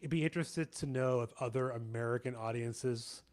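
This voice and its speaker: A man hosting a podcast, talking through a film in a halting, self-correcting way. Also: mid-range voice, darkish tone. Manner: halting, restarts and hedges. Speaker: podcast host and editor. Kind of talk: casual film discussion.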